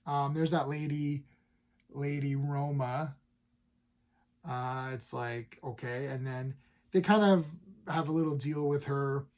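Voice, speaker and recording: A man's voice: mid-range voice, fairly even intonation, slow pace, pauses often, a little mellow. A man casually talking through comic books he has read, upbeat and rambling, full of fillers and restarts. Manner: enthusiastic, paraphrases characters loosely. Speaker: comic book reviewer. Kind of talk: casual comic review chat.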